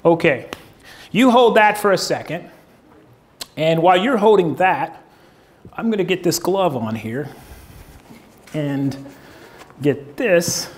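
A man's voice: a little high, expressive, slow, long pauses. A man preaching a sermon to a congregation, folksy and humorous, using props as object lessons and asking the crowd questions. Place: church stage before a congregation.

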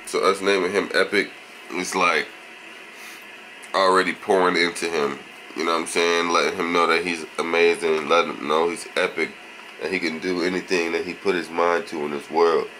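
A young man vlogging casually at home, talking in relaxed slang and chatting to his baby son. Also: low voice, normal speed, slight background noise, poor audio. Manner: laid-back slangy talk, chats to baby. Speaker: vlogger and new father.

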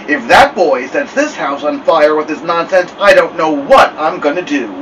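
A man's voice: fairly high pitch, animated, moderate pace, distant mic, heavy background noise, natural voice. A man voicing a stern mother who talks sweetly while threatening her son, in a storybook reading. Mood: menacing sweet. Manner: sweet-talking with menace. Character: stern fierce mother, coaxing then threatening.

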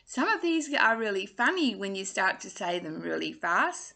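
A woman's voice: mid-range voice, sing-song, moderate pace, creaky, few pauses, sharp tone. A woman, giving a casual singing lesson in a chatty, playful way. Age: 60s. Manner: chatty and playful, drawing out drills. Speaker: singing teacher.

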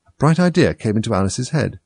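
A man reading a classic storybook aloud in an expressive way. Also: medium pitch, quick pace, breathy edge, no room sound. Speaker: reader.

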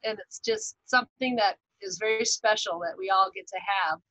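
A woman's voice: mid-range voice, moderate pace, pushed and bright, no room sound, rough recording. A woman, a former player, speaking sincerely and emotionally.

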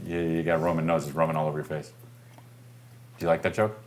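A man's voice: a bass voice, level tone, fast talker. A man bantering while painting, mock-serious and dismissive as he teases his friend. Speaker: comedian host.

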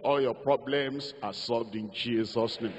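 In a lo-fi recording from a hall, an older pastor with a Nigerian accent leads his congregation through call-and-response and sing-song declarations during a sermon. He has a mid-range, slightly breathy voice and an unhurried delivery.

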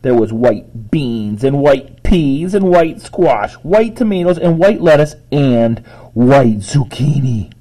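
A man reading a children's book aloud, pausing to explain words to his listeners. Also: mid-range voice, expressive, mellow, rough recording. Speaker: reader to children.

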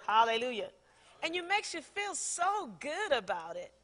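A middle-aged woman pastor preaching a sermon, animated, laughing often and acting out quotes. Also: high voice, normal speed. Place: large church hall. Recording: long church hall reverb.

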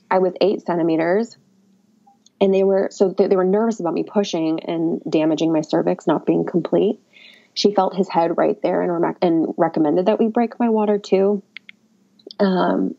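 A woman shares a birth story as a podcast guest. Her voice is low, mellow and gravelly, and she talks in a candid, chatty way with a wry, self-mocking edge. The audio is dull and lo-fi. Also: fairly even intonation, moderate pace. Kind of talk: casual birth story telling.

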